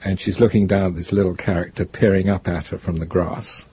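An older man, a guest author, telling stories in an interview in a rambling, reflective way with a gravelly, husky voice. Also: deep voice, fairly even intonation, brisk, dark tone, lo-fi sound. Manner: rambling, reflective, restarts often. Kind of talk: interview, storytelling.

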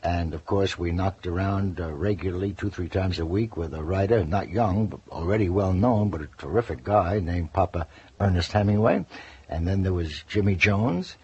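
An older man with a very husky, breathy voice and a fairly low pitch tells his stories in an interview. He acts out the quotes as he goes. The recording is dull and lo-fi, like an old radio broadcast. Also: moderate pace. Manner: lively anecdotes with acted-out quotes. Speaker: interview guest, former news correspondent. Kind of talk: storytelling interview.

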